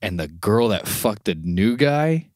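A man co-hosting a podcast in casual chat, an animated storyteller who swears a lot and acts out what people said. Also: on the low side, unhurried, no room sound, clean studio sound. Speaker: podcast co-host.

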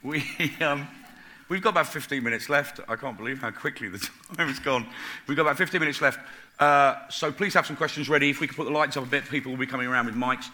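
A man moderating a live talk, brisk and cheerful as he steers the audience Q&A. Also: medium pitch, sharp tone. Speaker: event moderator.

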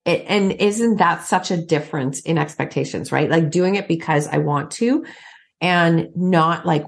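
A woman's voice: low-pitched, measured pace, creaky. A woman hosting a podcast interview, enthusiastic and affirming toward her guest. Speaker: podcast host. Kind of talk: casual interview.

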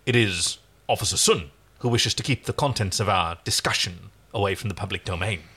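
A man doing a smug, calm officer. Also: deep voice, a little fast, breathy edge, heavily acted. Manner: smug, even-toned.

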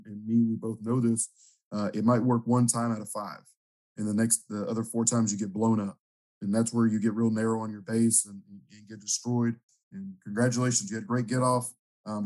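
A man with a low voice and an even, steady delivery, a football coach rambling comfortably about his players. He talks in loose, casual sentences full of ums and restarts, and his pitch barely climbs or dips. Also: poor audio. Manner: relaxed, rambling coach talk with fillers. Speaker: high school football coach, guest. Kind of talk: casual podcast interview.

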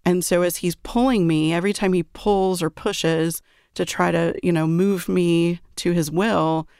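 A woman's voice: lowish voice, fairly even intonation, a little slow, a little mellow, clean tone, no echo, studio quality. A woman, a parent, earnestly telling a personal story and often checking in with "right?". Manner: earnest, reflective, frequent "right?" check-ins.

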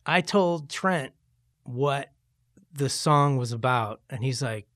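A middle-aged man, a rock musician, talking casually in an interview, animated and profane. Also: medium pitch, slow, no room sound, studio quality. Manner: animated, profane, jumps into loud mock voices.

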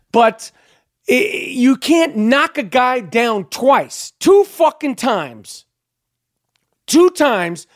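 A man's voice: very high-pitched, dry recording, clean studio sound. A middle-aged man hosting his own podcast, ranting in a rambling, profane way. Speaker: podcast host. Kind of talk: casual ranting monologue.

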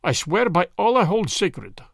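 A man voicing an anxious, imperious merchant husband in a read-aloud story, speaking urgently and forcefully. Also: sits high, big pitch swings, measured pace, gravelly, no echo, studio quality, heavily acted.

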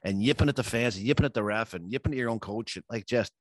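A man's voice: medium pitch, fast talker, dry recording, studio quality. A man co-hosting a casual sports podcast, ranting with lots of restarts and repeated words. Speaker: podcast co-host.

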